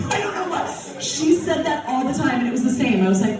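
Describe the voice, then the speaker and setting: A high-pitched, animated woman from Utah with a Utah accent talks fairly quickly with few pauses. As a TV co-host she gives a playful, chatty talk quizzing the audience in a large hall, recorded with hall echo, a distant mic and crowd noise.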